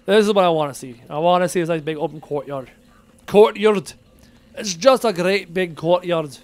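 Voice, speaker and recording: A man's voice: a little high, expressive, moderate pace. A man streaming a game live, chatting and muttering to himself as he plays and reads chat aloud. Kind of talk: live gameplay commentary, reading chat aloud.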